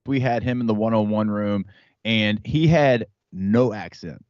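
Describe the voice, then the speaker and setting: A man's voice: lowish voice, unhurried, darkish tone, dry recording. Sex: man. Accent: Louisiana country drawl. Role: sports radio co-host. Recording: dry, slightly dull studio mic. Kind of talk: casual sports radio banter.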